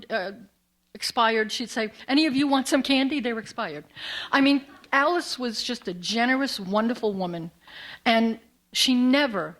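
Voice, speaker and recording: A woman with a fairly high voice speaks to a theater audience. She recalls someone fondly and tells stories with gentle humor in a memorial tribute. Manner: warm storytelling with gentle humor.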